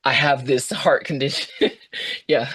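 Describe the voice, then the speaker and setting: A woman in her thirties, a podcast guest telling a personal story, animated, jumping high in pitch when she acts out her own past words. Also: measured pace.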